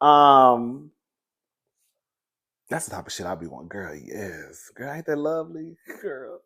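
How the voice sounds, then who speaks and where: A man's voice: medium pitch, very animated, measured pace, pauses often, fairly bright tone, slightly rough. A young man recapping a reality show in casual, sassy commentary, laughing often and calling the listener "girl".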